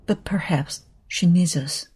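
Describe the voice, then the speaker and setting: A woman voicing a shy, gentle older male farmer who speaks hesitantly, in a low husky voice. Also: unhurried. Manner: gentle, hesitant, soft-spoken.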